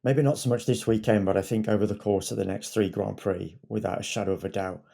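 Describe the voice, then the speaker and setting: A man's voice: lowish voice, fairly even intonation, fast talker, vocal fry, mellow. A man who is a lead editor and podcast regular, chatting casually and rambling a little with repeated words.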